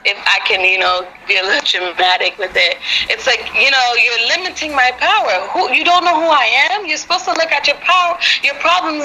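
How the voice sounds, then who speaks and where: High, bright-voiced woman teaching faith. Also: slight background noise, low-quality recording. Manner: earnest, rambling, heavy on "you know" fillers. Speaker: women's group Bible teacher. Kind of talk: informal devotional teaching.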